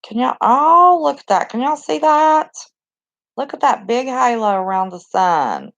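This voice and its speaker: A chatty, excitable woman with a Southern West Virginia accent, hosting a casual live chat from a cluttered bedroom on a phone. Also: on the high side, a little slow, muffled recording. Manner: chatty, excitable, talks to viewers and reacts to the chat. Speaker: live stream host.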